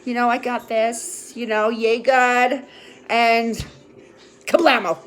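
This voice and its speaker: In a slightly high, level voice, a woman takes her time recounting her recovery on her vlog. The monologue is frank and wandering, full of fillers and restarts, with some swearing and a hint of tears.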